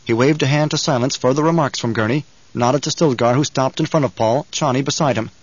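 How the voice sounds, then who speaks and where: A man reading an audiobook in measured, even scripted narration, on a dull lo-fi recording. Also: medium pitch, dry recording.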